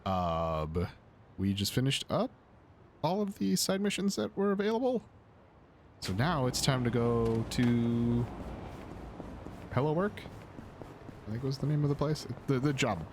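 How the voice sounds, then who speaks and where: A man's voice: mid-range voice, very animated, unhurried, pauses often, background noise. A male streamer giving casual, rambling commentary on a video game, with hesitations.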